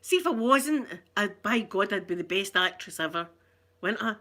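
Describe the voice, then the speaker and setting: A middle-aged woman with a broad Scottish accent chats through a casual live stream. Her voice is bright and forward. She reads out viewer comments, answers them with warm banter and laughs often. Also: medium pitch, expressive, moderate pace. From Scotland. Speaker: ASMR channel host.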